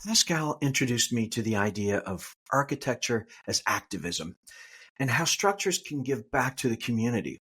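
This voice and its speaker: Male podcast host, Eastern Canadian accent, slightly husky tone, friendly scripted intros. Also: mid-range voice, sing-song, normal speed, fairly bright tone.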